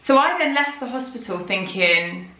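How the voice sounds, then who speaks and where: This vlogger, heavily pregnant, chats openly and ramblingly with her audience about her worries. She sounds on the high side and sharp, with lively intonation at a moderate pace, and the room gives an echo.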